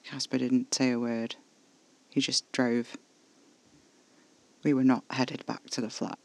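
A man reading scripted first-person horror narration in a measured, level way, close to the mic. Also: mid-range voice, flat delivery, creaky, a little mellow, poor audio.

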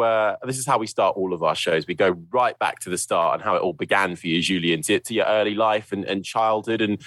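A man's voice: medium pitch, fairly bright tone, no room sound. A young man co-hosting a podcast and chatting eagerly, often stumbling and restarting his sentences. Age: young adult. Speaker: podcast co-host, commentator. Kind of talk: casual podcast chat.

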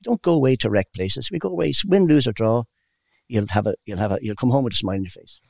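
Gravelly older man, quick rambling stories. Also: mid-range voice, lively intonation, no echo. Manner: rambling, warm anecdotal storyteller. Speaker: interviewee. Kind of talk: casual storytelling.

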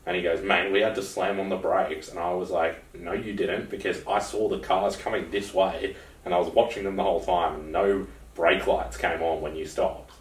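A young Australian man with a very low voice, chatting bluntly on a podcast. He swears freely and wanders into asides while he tells his stories. He sounds roomy, as if he sits some way back from the mic. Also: fairly even intonation, normal speed, distant mic. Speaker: podcast co-host. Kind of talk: casual chat.

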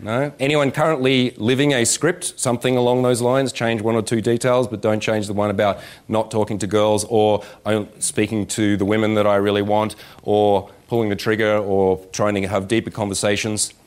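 A man's voice: fairly low pitch, normal speed, few pauses, clean tone. A man, a dating coach giving a live seminar talk. He swears freely, jokes and acts out little scenes. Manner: profane, animated and joking, slips into voices to act out scenes. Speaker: dating coach speaking at a workshop. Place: indoor event room with about 160 people.

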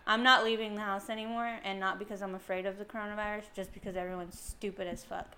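A woman's voice: mid-range voice, level tone, fast, pushed and bright. Woman, casual chat, blunt, sardonic, faint background noise. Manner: blunt, sardonic, occasional swearing. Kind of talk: casual chat among friends.

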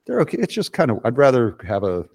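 A man's voice: mid-range voice, wildly swooping pitch, quick pace, vocal fry, darkish tone. Middle-aged male podcast guest, blunt and profane, loose casual delivery. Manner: blunt and profane, with frequent restarts.

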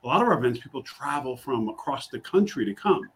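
A man from New York talking casually on a podcast, energetic, with many fillers and restarts. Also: mid-range voice, fast talker, slight background noise. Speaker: program staff on podcast. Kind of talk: casual chat.

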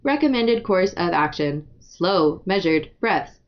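A woman voicing a calm female android in a flat, clipped, mechanical manner. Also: lowish voice, takes it slowly, lo-fi sound, voice pushed down. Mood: robotic.

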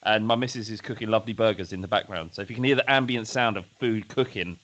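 A man's voice: fairly low pitch, fast, a bit bright, highs cut off. A man who is a guest on a podcast, teasing the host in casual banter and stammering over his words.

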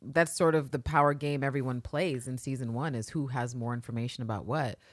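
A woman's voice: very deep voice, a little fast, no room sound. A woman co-hosting a casual podcast recap, swearing freely and acting out quotes. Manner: profane, animated, acts out quotes. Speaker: podcast co-host.

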